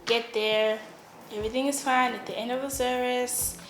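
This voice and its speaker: Young woman, casual comic storyteller, lively and playful, recorded in a roomy space. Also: a little high, moderate pace, slight background noise. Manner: animated, acts out every voice in her story. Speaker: vlogger. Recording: roomy echo.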